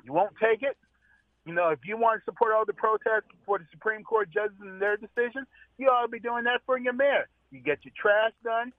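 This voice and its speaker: Man, phone-in caller, earnest, complaining, high voice, tinny phone line. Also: steady tone, a little fast, no room sound. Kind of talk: call-in radio conversation.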